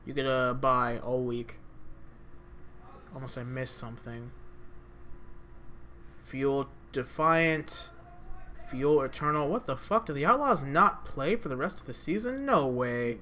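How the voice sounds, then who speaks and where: A man's voice: mid-range voice, animated, bright, forceful tone, slight background noise. A young man co-hosting a casual esports podcast, candid and swearing freely. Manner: candid, swears freely, fast show sign-off. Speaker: podcast co-host.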